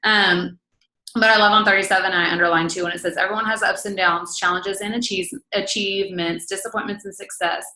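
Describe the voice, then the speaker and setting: A woman's voice: medium pitch, fairly even intonation, brisk, pushed and bright, echoey room, rough recording. A woman in her thirties leading a casual book-study talk, blunt and matter-of-fact. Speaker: team leader hosting a book study.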